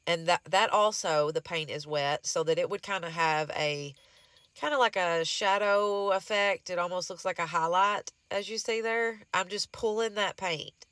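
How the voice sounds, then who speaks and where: A woman's voice: on the low side, moderate pace, a bit bright, clear, resonant tone, no room sound. A woman with a Southern US accent and a stuffy nose from hay fever, chatting casually as she walks through a craft project. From Southern United States. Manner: chatty, rambling, says y'all and honey. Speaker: DIY crafts vlogger. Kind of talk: casual how-to narration.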